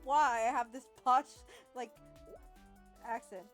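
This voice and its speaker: A woman's voice: on the high side, very animated, measured pace, faint music behind. A woman hosting a gaming video, reading a text adventure aloud with playful, chatty commentary and the odd stumble. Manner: playful, chatty, says "lol" aloud, stumbles over words while reading.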